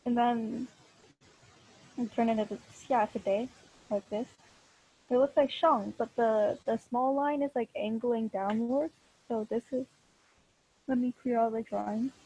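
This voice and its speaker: Young woman, online class teacher; slow, patient, husky and mellow, plenty of "um" and restarts. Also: fairly high pitch, steady tone, poor audio. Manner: slow, patient explaining with frequent fillers and restarts. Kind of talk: online class lesson over video call. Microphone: computer mic on a video call.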